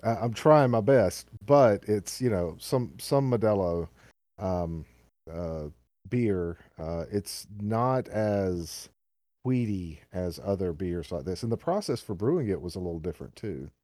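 A man's voice: sits low, animated, measured pace, mellow, dry recording, studio quality. A man with a Southern US accent co-hosting a casual podcast, rambling with lots of fillers and restarts. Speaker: podcast co-host.

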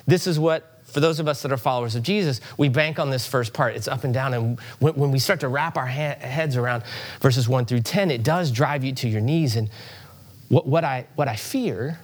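A middle-aged man preaching a sermon to a congregation in a church, conversational and animated, with asides and rising emphasis. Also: mid-range voice, moderate pace. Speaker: pastor.

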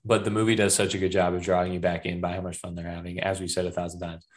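Low-voiced man recapping a movie. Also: very fast. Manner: relaxed, recaps scenes, laughs along. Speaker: podcast co-host. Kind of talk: casual movie discussion.

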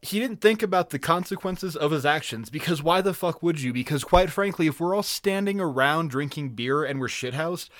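A man co-hosting a podcast, recapping episodes in an excitable, profane, laugh-filled way. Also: a little high, normal speed, few pauses, dry recording, clean studio sound. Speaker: podcast co-host.

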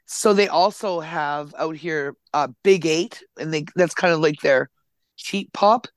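Swearing, excitable man with a fairly high voice. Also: measured pace, clean tone, no room sound. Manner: enthusiastic, swears freely. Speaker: podcast host. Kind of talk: casual chat. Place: Nova Scotia home recording.

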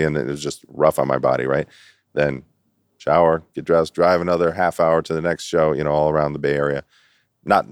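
A middle-aged man telling stories as an interview guest in casual chat, animated and laughing often. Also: rumbling low, dry recording, studio quality. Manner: animated storyteller who acts out quotes and laughs often.

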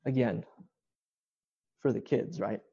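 A man's voice: mid-range voice, steady tone, slow, creaky, mellow, slightly rough, dull audio. A male pastor giving an informal online sermon from a home kitchen, explaining scripture in a conversational way.

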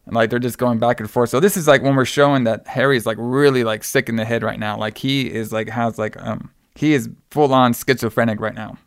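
A man in a casual podcast chat, walking through a film's plot in a loose, rambling way that is thick with filler words. His voice sits at an ordinary middle pitch. The recording is close and dry, with no room sound. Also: steady tone, brisk, few pauses, clear, resonant tone, dry recording. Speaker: podcast co-host. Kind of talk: casual film recap.

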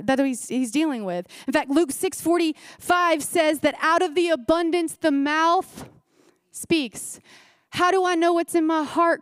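During a church service, a woman pastor with a high, bright voice preaches to her congregation, leaning on repeated phrases and rhetorical questions. The audio is dry and close-miked, with little echo.

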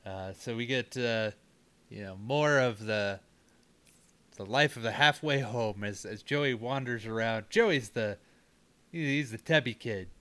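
A man casually recapping a horror film with a co-host, profane and animated, slipping into silly voices for the characters. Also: medium pitch, a little slow. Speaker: podcast co-host. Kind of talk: casual movie recap chat.

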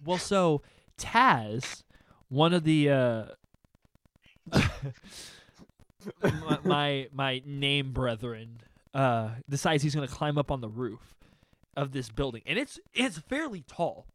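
A man's voice: mid-range voice, animated, takes it slowly, a bit bright, no echo. A young man telling a funny story in casual chat, acting out his friends' voices and laughing often.

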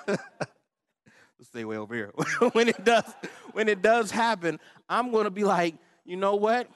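A man's voice: fairly high pitch, no room sound, clean studio sound. A middle-aged man preaching a sermon, telling a personal story in a humorous, conversational way and laughing often. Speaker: pastor.

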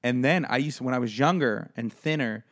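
A man's voice: mid-range voice, a little fast, fairly bright tone. A man co-hosting a podcast in casual, self-deprecating chat. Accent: New York. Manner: laid-back, self-deprecating banter. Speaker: podcast co-host.

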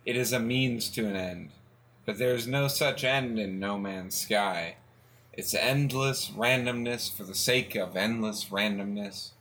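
A man on a casual group chat panel, relaxed and dry. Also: lowish voice, measured pace, slight background noise, rough recording. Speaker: co-host, panelist.

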